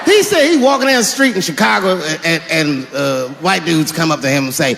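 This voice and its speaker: A male stand-up comic tells a story on stage in a high voice that leaps all over the place, shouting his punchlines. The sound echoes through a large live room with audience noise underneath. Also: big pitch swings, moderate pace, gravelly. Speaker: stand-up comedian. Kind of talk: stand-up comedy set.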